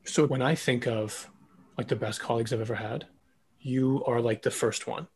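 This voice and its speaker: A man's voice: mid-range voice, fairly even intonation, moderate pace, slight background noise. A man hosting a podcast, talking casually and reflectively with a guest. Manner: talkative, reflective, many "like" fillers. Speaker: podcast host, former ballet dancer.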